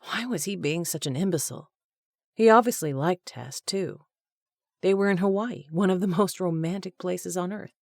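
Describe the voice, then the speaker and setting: A woman narrates a romance audiobook with a steady, even storytelling manner. Her voice is low and warm-toned, recorded dry and close. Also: moderate pace, gravelly, no room sound. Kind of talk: scripted narration.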